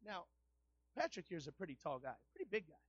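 A man pastor preaching a sermon in a colloquial style, rising to loud shouted refrains. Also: sits high, very animated, brisk, husky, dry recording, muffled recording.

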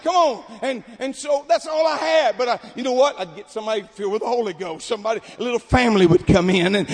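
A man preaching a sermon at a camp meeting, telling stories and building to shouted exhortation. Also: very high-pitched, slightly rough. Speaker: pastor. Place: large hall at a camp meeting. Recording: long hall reverb.

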